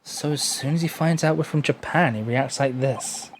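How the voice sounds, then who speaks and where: A man's voice: mid-range voice, moderate pace, slight background noise. A man streaming a story game, chatting casually with sarcastic jokes and the odd swear. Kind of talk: casual let's-play chat.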